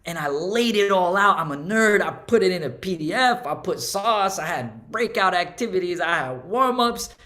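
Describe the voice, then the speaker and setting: A man, a guest artist and educator, telling stories in a lively conversation, acting out quotes with big swings in his voice and slangy speech. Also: high voice, moderate pace, few pauses. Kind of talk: animated storytelling conversation.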